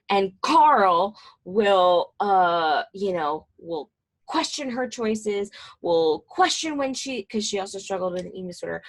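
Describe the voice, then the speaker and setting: A mental health counselor in her twenties gives a casual, chatty talk to fellow professionals, full of fillers and asides. Her voice is on the high side.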